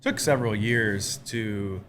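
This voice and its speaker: A man's voice: on the low side, slow. Man, charcuterie maker, easygoing explainer, casual talk, slight noise under the voice. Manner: relaxed, friendly explaining with many restarts. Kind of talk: casual conversation.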